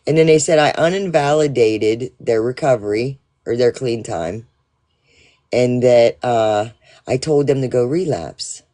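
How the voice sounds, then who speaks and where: A man's voice: mid-range voice, expressive, measured pace, dark tone. A man telling a rambling, profane story to his livestream audience in a casual way, full of fillers and restarts. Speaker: livestream host.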